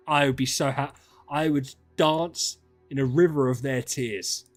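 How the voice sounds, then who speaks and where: A young man chatting casually on a livestream, ranting in an animated way and swearing freely. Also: mid-range voice, a little slow, soft background music. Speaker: streamer.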